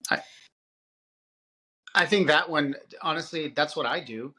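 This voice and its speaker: A man co-hosting a parenting podcast, talking casually and in an animated way, often restarting his sentences. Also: a little high. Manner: animated, halting with restarts and filler. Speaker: podcast co-host. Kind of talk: casual conversation.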